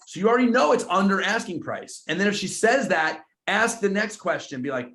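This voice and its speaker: A man's voice: high-pitched, big pitch swings, brisk, hardly any pauses, fairly bright tone. A man leading a live training session for his team of agents, talking casually with slang and acting out both sides of phone calls. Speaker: real estate team trainer. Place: meeting room with a group. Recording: roomy echo.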